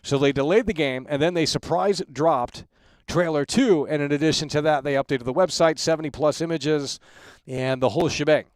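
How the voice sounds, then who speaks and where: A man hosts a casual livestream talk show, piling on repeated hype catchphrases for his viewers. His voice sits a bit high and comes across smooth and resonant. He rambles with frequent restarts, and the sound is close and dry. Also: moderate pace, dry recording. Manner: emphatic hype shout-outs with repeated catchphrases.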